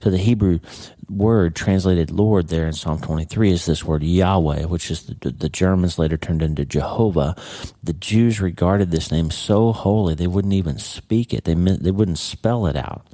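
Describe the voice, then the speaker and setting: A man's voice: deep voice, normal speed, warm tone, no echo. A man hosting a podcast, giving a casual devotional Bible lesson in a conversational way that keeps checking in with the listener. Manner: conversational, repeats words and checks in with "okay?" and "right?". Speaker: podcast host and Bible teacher.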